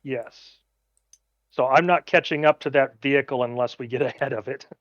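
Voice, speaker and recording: A man's voice: mid-range voice, moderate pace, dry recording, highs cut off. A man playing in a tabletop role-playing game, easygoing and casual in his talk. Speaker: player.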